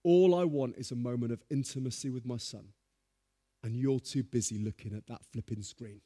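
A man preaching a sermon, speaking the words of God quietly, in a gently reproachful way. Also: mid-range voice, normal speed, natural voice. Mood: gentle rebuke. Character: God speaking to a busy father.

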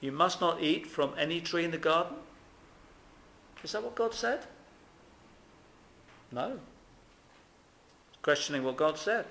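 A man's voice: a little high, measured pace, creaky, long pauses, fairly bright tone. A man preaching a sermon in an earnest, emphatic way, with lots of rhetorical questions. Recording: echoey room.

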